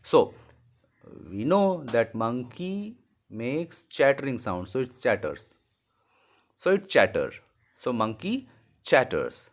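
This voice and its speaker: A man with a mid-range voice, big pitch swings, and a slow pace with long pauses teaches animal sounds to young children. As their English teacher, he's patient in this slow lesson and repeats key words.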